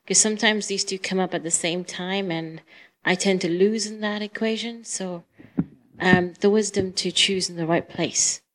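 A woman from the audience puts a question to the speaker. She is polite and slightly hesitant, and she pauses on fillers as she shapes her thought. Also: mid-range voice, steady tone, a bit bright, low-quality recording. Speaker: audience member asking a question.

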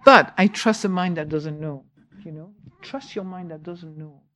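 A woman teacher giving an informal dharma talk, telling a lively story, laughing often and mimicking her own inner voice. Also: lowish voice, moderate pace, highs cut off. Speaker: meditation teacher.

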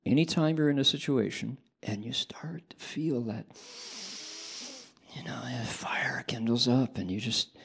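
A man voicing a calm, kindly male Buddhist monk who gives gentle, reassuring advice. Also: medium pitch, unhurried, gravelly, slightly rough.

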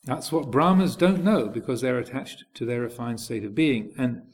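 A man's voice: medium pitch, moderate pace. A man teaching as a Buddhist monk, giving a dharma talk with a hesitant delivery full of fillers and restarts.

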